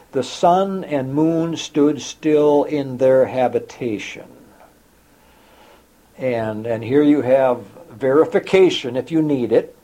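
A man preaching a sermon, reading scripture aloud and explaining it, with a slow, dramatic delivery that sometimes drops to a near whisper. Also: mid-range voice, mellow, poor audio. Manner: reads quotations in old-fashioned scripture wording.

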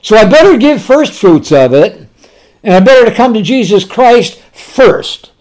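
A man preaching a sermon. He poses rhetorical questions and answers them himself, and slows to a soft voice on tender words. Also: high-pitched, big pitch swings.

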